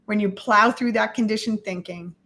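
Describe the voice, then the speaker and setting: A woman's voice: medium pitch, moderate pace, sharp tone. A woman hosting a talk show, encouraging her co-host and prompting him to tell more. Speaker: podcast host. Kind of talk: casual interview chat.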